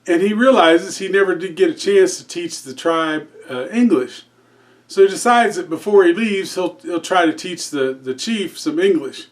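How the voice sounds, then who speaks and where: A man's voice: sits high, moderate pace. A man telling a joke in a casual, rambling way, full of fillers and restarts. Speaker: comedy channel host.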